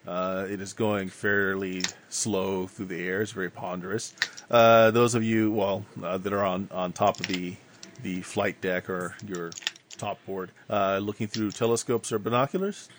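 A man narrating a tabletop game as game master, in a measured way with many filler pauses. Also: low voice, fairly even intonation, background noise.

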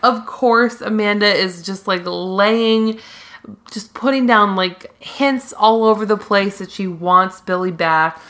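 A woman's voice: mid-range voice, slow pace. Chatty woman recapping a show. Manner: animated storyteller, laughs often. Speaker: podcast co-host. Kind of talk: casual recap chat.

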